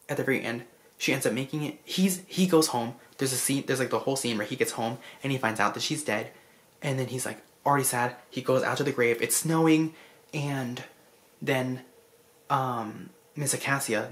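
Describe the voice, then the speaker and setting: A vlogger casually recapping a film in an effusive, rambling way, full of restarts and asides, clearly moved by the story. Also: mid-range voice, fairly bright tone. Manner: emotional about the story.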